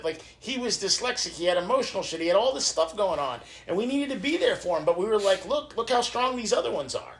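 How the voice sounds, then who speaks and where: A man with a fairly high voice chats on a podcast and tells lively family stories. He swears often and slips into quick impressions of his relatives. The delivery is loose and conversational. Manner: animated storyteller, swears freely, acts out family quotes. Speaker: podcast host. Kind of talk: casual chat.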